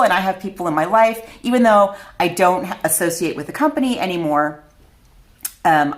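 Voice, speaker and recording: A middle-aged woman vlogger telling a personal story to camera, chatty and candid, often laughing at herself. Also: lowish voice.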